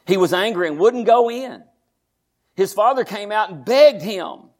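A man preaching a sermon in church, moving from quiet asides to shouted, high-pitched storytelling. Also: lively intonation, measured pace. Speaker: pastor.

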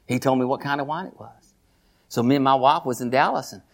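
A middle-aged man preaching a sermon as pastor, animated, folksy and repeating his phrases. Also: medium pitch, quick pace, vocal fry.

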